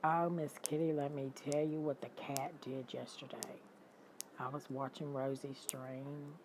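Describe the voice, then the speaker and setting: An older woman chatting casually with her livestream viewers, animated, greeting them by name and laughing often. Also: very deep voice, measured pace, background noise. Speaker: livestream host. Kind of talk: casual chat with live viewers.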